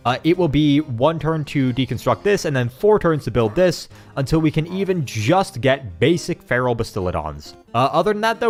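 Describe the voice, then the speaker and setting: A young man giving casual commentary over his own strategy game run, excitable, swinging between flat asides and loud outbursts. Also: mid-range voice. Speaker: gaming YouTuber. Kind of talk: gameplay commentary.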